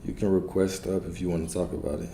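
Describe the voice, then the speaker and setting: A man with a low, mellow voice talks fast with a flat delivery while teaching on his livestream. As a spiritual coach, he responds to chat in a laid-back, repetitive way, frequently asking "right?", and the sound is roomy with faint background noise.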